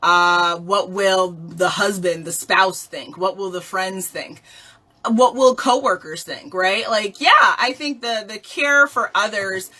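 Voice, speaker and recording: A woman coaching listeners in a motivational talk, playful and animated, often asking rhetorical questions and laughing. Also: mid-range voice, takes it slowly. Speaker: life coach.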